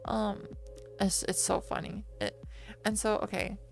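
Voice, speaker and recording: A woman streaming while lying down, rambling casually and doubling back on her words. Her voice sits at an ordinary middle pitch with plenty of gravelly fry. Soft music plays faintly underneath. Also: flat delivery, measured pace. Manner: rambly, self-correcting, chatty with viewers.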